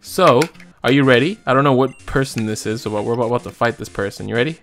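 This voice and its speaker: A young man hosting a co-op game video, chatting and reacting in an excitable way. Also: fast talker, soft background music. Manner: excitable, jumps high in pitch. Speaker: let's play host. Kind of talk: casual gaming commentary.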